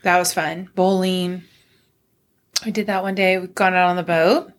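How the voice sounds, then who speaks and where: A woman's voice: on the low side, little pitch movement, normal speed. Middle-aged woman, podcast co-host, casual chat, chatty, laughs a lot, storytelling. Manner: chatty, laughs often, tells stories.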